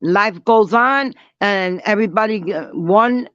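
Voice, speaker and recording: A woman ranting bluntly to her viewers in a casual vlog, defiant and dropping quick apologies. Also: mid-range voice, fairly bright tone, no echo. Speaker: vlogger. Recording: dull lo-fi dry sound.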